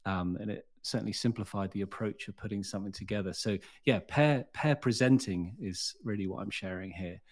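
A man hosts a live community talk in a rather low voice. He sounds upbeat and encouraging as he cheers people on and keeps things moving. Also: brisk, few pauses. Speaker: host of an online community session.

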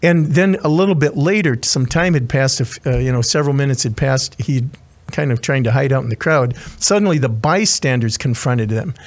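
This man speaks at medium pitch and a brisk pace, preaching as a chaplain. He retells a scripture story earnestly, with frequent restarts and asides.

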